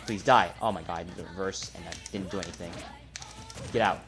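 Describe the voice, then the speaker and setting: A man giving live gameplay commentary, trash-talking the opponent and muttering between loud outbursts. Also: deep voice, fast talker. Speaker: gamer. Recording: loud game music behind voice. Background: fighting game music and effects.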